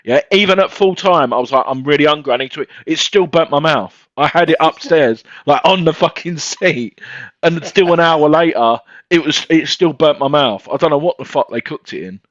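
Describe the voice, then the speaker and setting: A man's voice: fairly high pitch, moderate pace, fairly bright tone, no echo. A man from England hosting a casual football chat, steering the talk and swearing freely. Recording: dull, dry lo-fi sound.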